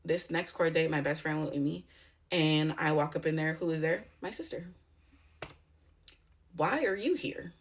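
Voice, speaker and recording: A woman's voice: low voice, moderate pace, long pauses. A woman YouTuber telling a personal story in a casual vlog, blunt and heavy on profanity.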